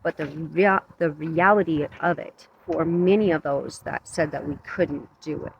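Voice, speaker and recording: A man talking earnestly to his camera outdoors at dusk, his voice shaky from cold and emotion, halting and self-conscious. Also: fairly high pitch, vocal fry, muffled recording, slight background noise. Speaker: vlogger. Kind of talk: emotional outdoor vlog monologue. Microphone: camera mic up close.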